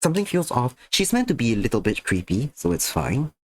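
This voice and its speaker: A man's voice: mid-range voice, big pitch swings, brisk. A tired man chatting to viewers during an art stream, a little sick, drowsy and slurring slightly. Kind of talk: casual stream chat while drawing.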